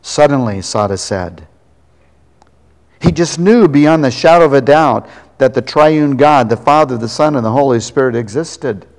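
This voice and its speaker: A man preaching a sermon as a story, earnest, slowing down to stress key words. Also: mid-range voice, a little mellow. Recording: long reverb of a large hall.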